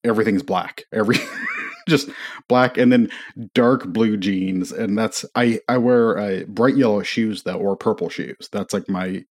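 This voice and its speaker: A man's voice: lowish voice, unhurried. A man co-hosting a podcast, friendly and chatty in casual conversation. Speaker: podcast co-host. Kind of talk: casual chat.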